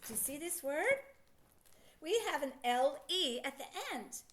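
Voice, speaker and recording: A woman teaching a phonics lesson to children, sounding out words slowly and asking lots of encouraging questions. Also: high voice, a little hiss or hum. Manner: encouraging, asks many questions.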